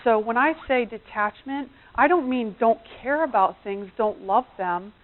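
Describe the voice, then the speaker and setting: A woman's voice: on the high side, moderate pace. A middle-aged woman coach giving a chatty seminar talk on relationships, often acting out the voices of people she quotes. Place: seminar room. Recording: tinny phone-like recording.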